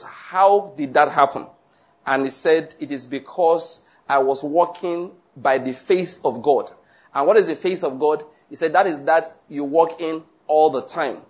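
Male preacher, scripture-reading sermon, earnest and emphatic, voice a touch high. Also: slightly rough. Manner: earnest, repeats points for emphasis. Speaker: pastor teaching a Bible study.

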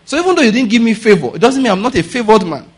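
A male pastor with a high-pitched, sing-song voice races through a conversational sermon. He keeps checking whether listeners get his point. His voice sounds slightly rough.

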